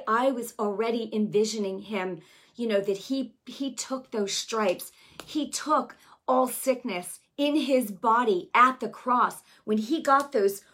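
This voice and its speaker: A woman giving a passionate Christian healing testimony, repeating phrases for emphasis and building to near-yelling, then easing into conversational asides. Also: on the high side. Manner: conversational asides, many restarts and fillers.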